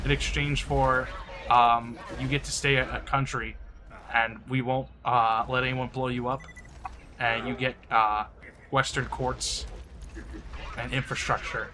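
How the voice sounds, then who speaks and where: A man's voice: mid-range voice, fairly even intonation, slow, long pauses, music in the background. A young man streaming a game, ranting in a crude, mocking way and laughing often. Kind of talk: casual game-stream rant.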